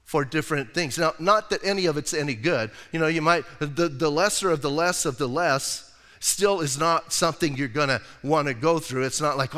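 A man's voice: on the high side, normal speed, a bit bright. A middle-aged man, a pastor preaching a casual sermon, telling personal stories and reading scripture aloud. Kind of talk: conversational sermon. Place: church sanctuary. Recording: long hall reverb.

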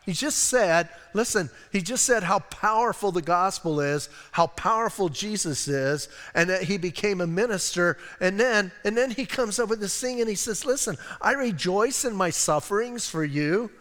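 An American male pastor gives a casual, chatty sermon full of rhetorical questions and asides. His voice is high and a bit bright, at normal speed with few pauses. Long church-hall reverb surrounds him in the sanctuary.

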